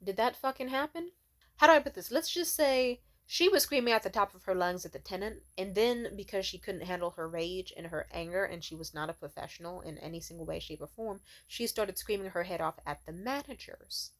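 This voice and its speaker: A woman's voice: medium pitch, brisk. Exasperated young woman ranting a story. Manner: exasperated, profane, animated storytelling. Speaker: vlogger telling a story. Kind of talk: casual storytime rant.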